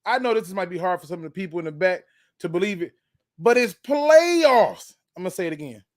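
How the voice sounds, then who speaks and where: A man's voice: sits high, rapid-fire. Hyped-up man hosting a fan stream. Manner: hyped, emphatic, repeats himself for effect; loose slangy chatter, shouting out viewers. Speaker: sports fan show host. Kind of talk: live-stream football talk.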